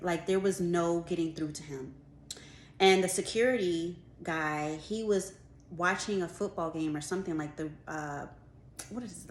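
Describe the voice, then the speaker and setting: A woman in her twenties telling a work story in a casual storytime vlog, animated and full of "like", acting out what others said. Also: lowish voice. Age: 20s. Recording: roomy room with faint background noise.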